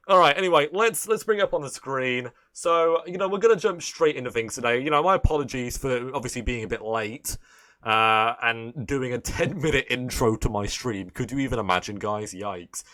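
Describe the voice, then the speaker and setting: A man's voice: medium pitch, normal speed, bright, forceful tone. Joking, foul-mouthed man streaming. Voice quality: profane, joking, rambling. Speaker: live-stream host. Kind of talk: casual live-stream commentary.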